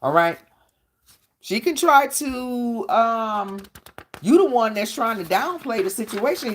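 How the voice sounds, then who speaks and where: A woman's voice: on the high side, expressive, takes it slowly. A woman hosting a live-stream Q&A, talking bluntly and profanely in a combative tone and often asking "all right?". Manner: blunt, profane street talk. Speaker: channel host.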